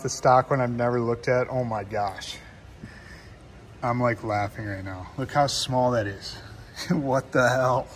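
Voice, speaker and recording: A man casually talking through a car part install, excitable and blunt. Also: mid-range voice, long reverb tail, slight background noise. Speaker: car vlogger. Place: garage.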